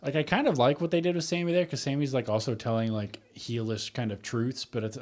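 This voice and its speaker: A man's voice: mid-range voice, fairly even intonation, brisk, few pauses. Chatty man hosting a wrestling watch-along. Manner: chatty, joking, reacts out loud. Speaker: wrestling stream host. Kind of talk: casual live watch-along commentary.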